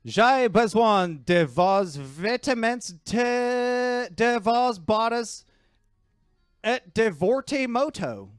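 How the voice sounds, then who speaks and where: A man imitating a stiff, slow-talking male movie cyborg, reciting lines in clumsy, deliberate French. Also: sits high, lively intonation, no room sound, clean studio sound, faint music behind. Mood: deadpan. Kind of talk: comedic movie-quote impression.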